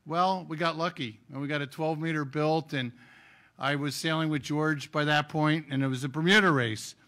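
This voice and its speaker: Male awards emcee, bright, upbeat storyteller. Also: fairly high pitch, normal speed. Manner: lively anecdotal storytelling with jokes. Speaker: ceremony emcee. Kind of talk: award ceremony speech.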